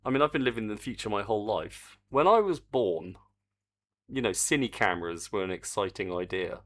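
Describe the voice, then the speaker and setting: A man's voice: lowish voice, animated, brisk, a bit bright. An older man, chatting casually on a live stream while he works on a game, reading the chat aloud and swearing mildly.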